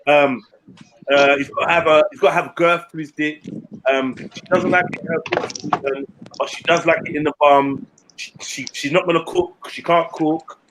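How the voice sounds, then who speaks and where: A man tells a story in animated, blunt, slangy chat. His voice sits fairly high. There is faint noise behind him. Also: moderate pace. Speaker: podcast co-host.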